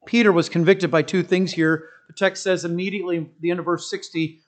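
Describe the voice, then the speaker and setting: A middle-aged man preaching a sermon as pastor, telling stories and building to loud, impassioned preaching. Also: high voice, level tone, fairly quick, hardly any pauses.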